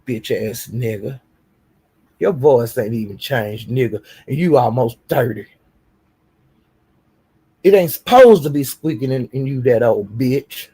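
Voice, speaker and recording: A man ranting on a live stream, taunting someone with profane insults and slow, drawn-out jabs. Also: medium pitch, animated, mellow, breathy edge. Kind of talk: heated live-stream rant.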